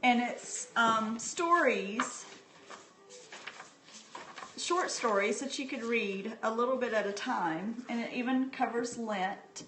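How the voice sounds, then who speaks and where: A middle-aged woman hosts a casual book-sharing live stream, talking in a chatty, heartfelt way with lots of ums. Her voice is on the high side and fairly bright, and she takes it slowly. The phone mic in an echoey room adds a little hiss or hum.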